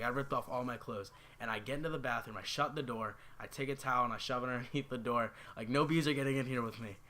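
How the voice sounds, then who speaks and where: A young man casually telling a personal story to his viewers, rambling with lots of fillers. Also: medium pitch. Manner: rambling, filler-heavy, animated retelling. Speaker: YouTuber.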